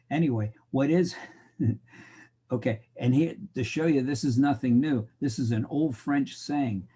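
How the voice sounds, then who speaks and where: A man's voice: mid-range voice, slow, pauses often, dark tone, breathy edge. Wry joking male college lecturer. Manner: joking, wry, talks to the class directly. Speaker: college instructor. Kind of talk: recorded lecture.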